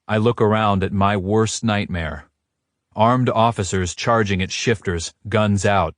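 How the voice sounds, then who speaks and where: A man narrating a romance audiobook in a steady, first-person storytelling manner. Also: on the low side, unhurried, no room sound, studio quality.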